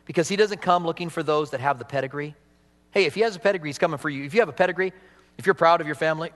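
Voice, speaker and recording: Guy preaching in a church, jokey asides, kinda high voice, big echoey hall. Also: quick pace. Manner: animated preaching with asides and humor. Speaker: pastor. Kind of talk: sermon. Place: church sanctuary.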